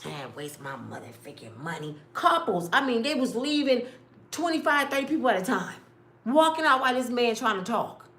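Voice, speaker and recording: A woman's voice: high-pitched, lively intonation, a little fast. Impassioned middle-aged woman vlogger, echoey room. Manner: impassioned, swings from quiet and tired to loud and exasperated. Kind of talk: casual storytelling vlog.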